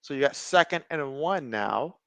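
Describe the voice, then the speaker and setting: A man streaming a game, giving casual play-by-play, reading viewer chat and joking often, getting excitable on big plays. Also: mid-range voice, moderate pace, vocal fry, dry recording. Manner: jokey, excitable, often laughs. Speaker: live-stream sports commentator.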